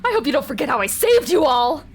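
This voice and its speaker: A woman voicing a bitter, vengeful male creature in a tabletop game, shouting and crying through the accusations. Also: high-pitched, sing-song, fast talker, a little hiss or hum, pitched above the performer's own voice. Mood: tearful rage.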